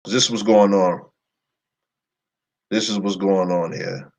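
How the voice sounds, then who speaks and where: A presenter doing screen-share commentary reads long word lists aloud in a blunt way, swearing occasionally. His voice is low, steady and a little mellow, delivered slowly, and the recording quality is poor.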